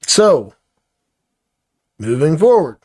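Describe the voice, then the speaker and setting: A man's voice: fairly high pitch, very animated, drawn-out words, a little mellow. A middle-aged man venting in a blunt, profane, irritated personal vlog rant. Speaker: vlogger.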